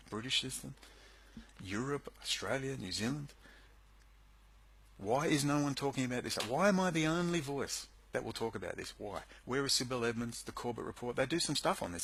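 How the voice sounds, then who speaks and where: Gravelly man ranting at his computer. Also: medium pitch, a bit bright, a little hiss or hum, low-quality recording. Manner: agitated, sarcastic ranting. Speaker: video blogger. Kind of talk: angry monologue to camera. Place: at home at a computer.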